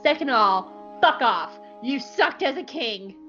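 A woman's voice: sits high, animated, measured pace, a bit bright, soft background music. A woman voicing a defiant young woman warrior who talks in a blunt, dismissive way. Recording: slightly muffled lo-fi recording.

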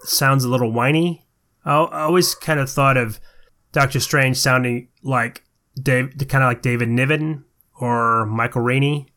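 A man's voice: medium pitch, steady tone, normal speed, sharp tone. A man co-hosting a podcast in casual chat, conversational with hesitant restarts. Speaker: podcast co-host.

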